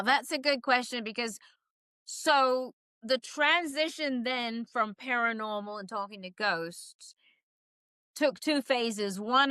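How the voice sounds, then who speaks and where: Bright-voiced woman guest telling stories, acts out the voices, laughs a lot, dry close sound. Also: on the high side, clear, resonant tone, no echo. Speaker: psychic medium guest. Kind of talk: casual storytelling interview.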